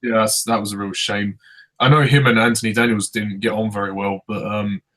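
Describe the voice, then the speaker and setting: A man co-hosting a relaxed film chat, chiming in with asides and follow-ups. His voice sits on the low side. He talks in an easy, conversational way. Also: brisk. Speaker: film review co-host. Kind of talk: casual chat.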